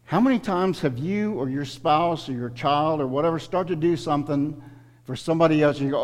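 A man's voice: on the high side, fairly quick. A middle-aged man preaching a sermon to his congregation, earnest and emotional, appealing directly to his listeners. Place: church sanctuary. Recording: long hall reverb.

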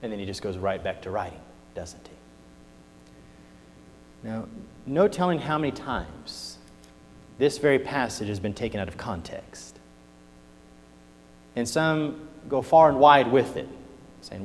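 A man preaching a sermon, moving from hushed scripture reading to loud emphatic points, with folksy turns of phrase. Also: medium pitch, big pitch swings, unhurried, long pauses. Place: church sanctuary. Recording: long hall reverb.

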